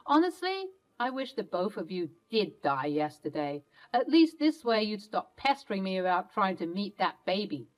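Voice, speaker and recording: A woman's voice: medium pitch, big pitch swings, normal speed, hardly any pauses, natural voice, poor audio. A woman doing a cruel rich mother-in-law. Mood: contemptuous. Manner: cold, contemptuous threats.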